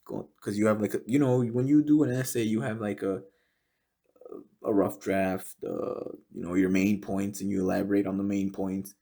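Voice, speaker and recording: A young man talks in a casual podcast ramble with a low, gravelly voice. He swears constantly, piles on fillers and restarts, and often sinks into a half-muttered undertone. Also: steady tone, moderate pace, mellow. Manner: rambling and heavily profane, with many fillers. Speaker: podcast host.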